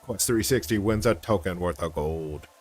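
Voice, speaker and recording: Laid-back low-voiced man streaming. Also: normal speed, a little mellow. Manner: laid-back, chatty, laughs often. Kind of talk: casual livestream chat.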